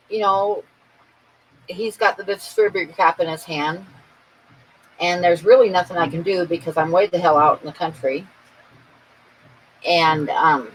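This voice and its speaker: A woman's voice: lowish voice, a little hiss or hum, low-quality recording. Woman chuckling through a casual story. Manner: chatty and amused, laughing at her own story. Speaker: art channel host chatting with viewers. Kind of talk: casual live-stream chat, storytelling.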